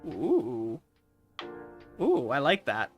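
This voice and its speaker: A man streaming casual commentary, excitable and swearing freely, with loud sudden outbursts. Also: mid-range voice, drawn-out words, music in the background.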